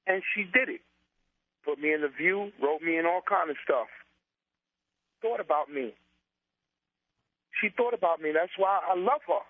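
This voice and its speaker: A man's voice: high voice, no echo, narrow, tinny audio. A man in his forties, an interview guest talking with emotion and building up his points in repeated, preacher-like runs. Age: 40s. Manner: impassioned, repetitive, preacher-like build-ups. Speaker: interview guest, comedian and author.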